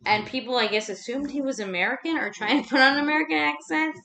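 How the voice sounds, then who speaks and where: Young woman ranting on her vlog, high bright voice, swears a lot, bouncy pitch, echoey room. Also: fast talker, vocal fry. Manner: rambling, swears freely, animated ranting with fillers. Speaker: vlogger. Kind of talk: casual ranting chat. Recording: roomy echo.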